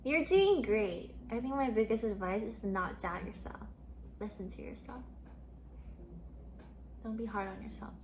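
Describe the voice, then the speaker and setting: A young woman streamer telling stories to her chat in a casual, animated way, laughing often and swearing casually. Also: mid-range voice, moderate pace, long pauses, a little hiss or hum.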